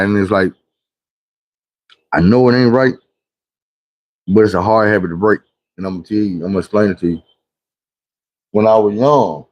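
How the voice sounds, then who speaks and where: Profane storytelling man on a livestream. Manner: profane, preachy storytelling that swings between loud and low. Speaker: livestream host. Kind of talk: casual livestream monologue and storytelling.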